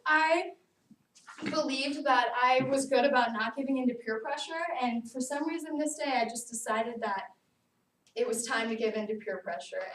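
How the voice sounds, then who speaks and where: A young woman giving a personal narrative speech to a class, lively and casual, often saying "like". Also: a little high. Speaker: student speaker. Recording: echoey room, far mic, faint noise.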